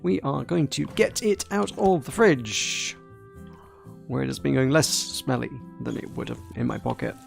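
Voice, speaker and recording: A man streams a laid-back game, commenting casually as he plays. His voice has a gravelly, slightly rough texture and sits at an ordinary middle pitch. He stays chatty and playful throughout, with soft game music faintly under his voice. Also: moderate pace. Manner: chatty, playful, talks along with his play.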